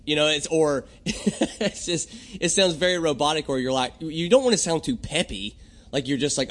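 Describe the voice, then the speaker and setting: Young guy rambling on his podcast, kinda high voice, keeps clearing his throat. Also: expressive, normal speed, a bit bright. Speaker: podcast host. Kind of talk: casual comedic monologue.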